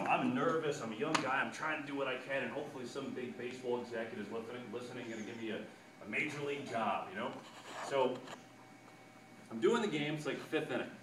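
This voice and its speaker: A man, a sportscaster, giving an animated storytelling talk to students and acting out quotes with loud bursts. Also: medium pitch. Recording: echoey room, distant mic, background noise.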